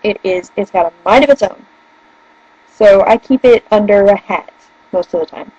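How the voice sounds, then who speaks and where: A woman's voice: mid-range voice, moderate pace, warm tone, slightly rough, no echo, dull audio. A young woman with a northern US accent, chatting casually in a rambling, giggly way. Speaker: vlogger. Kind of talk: casual chat. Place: room at home by a bookshelf.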